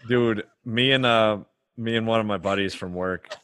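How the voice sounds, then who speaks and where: A man's voice: lowish voice, steady tone, normal speed, a bit bright, clear, resonant tone, dry recording. A man from upstate New York, a podcast host joking in casual chat and laughing often.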